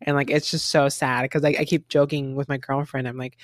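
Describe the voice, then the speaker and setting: Rambling young man, slightly high voice. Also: steady tone, brisk, hardly any pauses, no echo, clean studio sound. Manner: rambling, heavy use of "like", laughs often. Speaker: podcast co-host. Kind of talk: casual chat reviewing a reality show.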